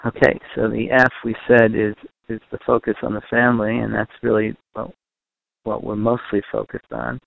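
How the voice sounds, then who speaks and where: A man with a low, gravelly voice lectures on family and parenting, circling back to repeat and rephrase his points. His delivery stays fairly level in pitch. The sound is tinny and narrow, like a phone line, and close and dry. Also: little pitch movement, normal speed, no echo. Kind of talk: recorded lecture to a group.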